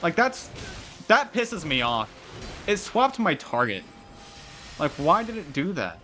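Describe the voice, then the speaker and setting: A young man streaming a video game, chatting casually with viewers, swearing often and venting loudly at the game. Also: on the high side, sing-song, slow, faint music behind. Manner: loud, swearing, frustrated outbursts and laughing. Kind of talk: casual gaming stream chat.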